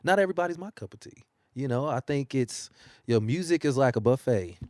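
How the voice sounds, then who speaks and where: A man's voice: medium pitch, fairly quick, dry recording, studio quality. A man, a working singer, talking about his career in a casual interview and telling stories with frequent laughter. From United States. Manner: animated storytelling, laughs often. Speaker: singer and guest. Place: newspaper studio.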